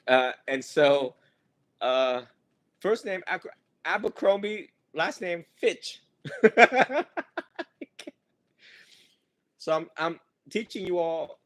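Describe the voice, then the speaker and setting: A man teaching students in a loose, joking way, rambling and laughing as he goes. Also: fairly high pitch. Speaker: monk teacher. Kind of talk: casual teaching talk.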